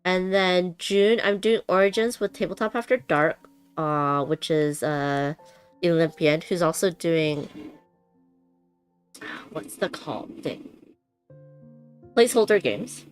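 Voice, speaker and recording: A woman's voice: lowish voice, slow, long pauses, clear, resonant tone, faint music behind. A woman chatting casually with her live-stream viewers while unboxing a board game, bubbly, laughing often and using many fillers. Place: home room with noisy bathroom upstairs.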